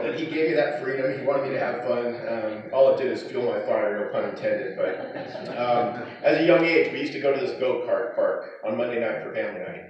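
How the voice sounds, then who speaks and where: A man's voice: medium pitch, brisk, heavy background noise. A middle-aged man giving a eulogy for his father, telling fond stories with chuckles in between. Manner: fond storytelling broken by chuckles. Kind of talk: eulogy with personal anecdotes. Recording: echoey hall, distant, dull.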